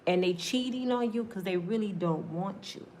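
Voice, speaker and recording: A woman delivering a comedic monologue, acting out little scenes and swinging between loud bursts and hushed asides. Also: medium pitch, normal speed, slight background noise. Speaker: comedic talk show host.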